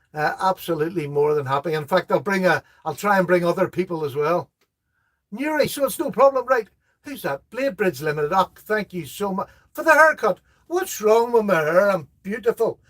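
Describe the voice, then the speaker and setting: A man's voice: high-pitched, lively intonation, normal speed. A middle-aged man, hosting a casual live knife chat, reading viewer comments aloud and laughing at their jokes.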